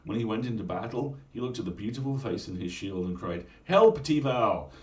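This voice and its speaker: A man reading a fairy tale aloud at home in a measured, old-fashioned style for a bedtime story stream. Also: fairly low pitch, a little mellow, reverberant, far from the mic.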